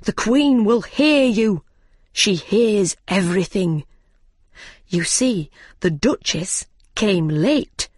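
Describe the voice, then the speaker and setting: A woman voicing the White Rabbit, a nervous male rabbit who speaks in a hushed, secretive way. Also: medium pitch, lively intonation, slow, slightly rough, dry recording, studio quality.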